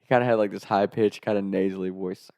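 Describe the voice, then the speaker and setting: This is a young man telling a comic story in a casual, rambling way. His voice sits on the low side and is recorded dry and close. He keeps laughing at his own tale and swears without a second thought. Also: fairly even intonation, fast, gravelly, dark tone, dry recording, muffled recording.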